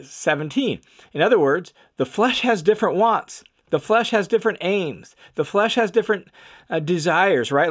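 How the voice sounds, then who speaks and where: A man teaching scripture on a podcast, emphatic and repeating key phrases for stress. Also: a little high.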